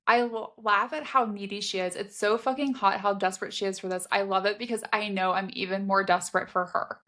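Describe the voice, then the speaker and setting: Woman co-host, casual book chat, lively, reads excerpts aloud. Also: medium pitch, brisk. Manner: animated, laughs while reading. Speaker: podcast co-host.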